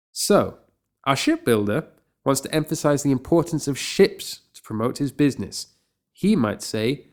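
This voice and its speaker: A man tutoring Latin grammar in a mid-pitched voice. He explains patiently and clearly, and his enthusiasm shows through light, playful remarks. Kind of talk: scripted grammar lesson.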